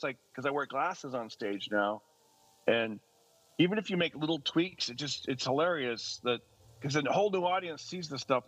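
A man's voice: no echo, rough recording. A man in his forties, a stand-up comedian, chatting casually and animatedly, slipping into funny voices. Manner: animated storyteller who slips into high-pitched joke voices. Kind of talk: casual podcast chat.

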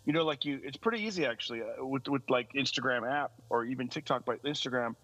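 A man's voice: fast, dry recording, poor audio. A man in his forties, a stand-up comedian, chatting casually and animatedly, slipping into funny voices. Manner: animated storyteller who slips into high-pitched joke voices. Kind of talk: casual podcast chat.

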